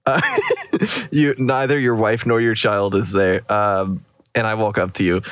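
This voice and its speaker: A man's voice: fairly low pitch, fairly even intonation, a little slow, no room sound. A young man hosting a podcast, chatting casually, giggly and pleading in an over-the-top way. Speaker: podcast host. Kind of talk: casual chat.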